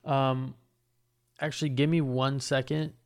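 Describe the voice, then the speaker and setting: A man's voice: mid-range voice, flat delivery, unhurried, a little mellow. A young man hosting a solo podcast from his apartment, rambling in a laid-back, profane, self-mocking way. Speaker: podcast host. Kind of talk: casual solo podcast chat. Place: home apartment.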